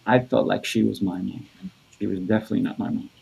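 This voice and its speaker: A man co-hosting a conversation, telling a personal story in a halting, casual way with repeated words. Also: fairly low pitch, fairly even intonation, vocal fry, a little mellow, husky, rough recording. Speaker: podcast co-host.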